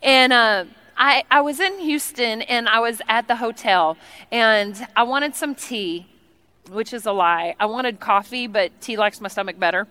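Bright chatty woman doing a funny church talk, higher voice. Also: a little slow, clean tone. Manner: animated, playful and chatty. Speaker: church speaker. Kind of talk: humorous sermon storytelling.

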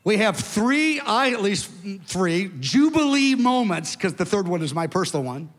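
High-voiced older man preaching in a reverberant hall. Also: moderate pace. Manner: animated, emphatic, conversational asides. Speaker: pastor. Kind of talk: sermon storytelling. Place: large church hall.

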